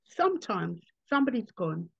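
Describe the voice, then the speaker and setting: A woman comedian, answering interview questions in an animated way and acting out other people's voices. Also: medium pitch, moderate pace, gravelly, slightly rough, lo-fi sound.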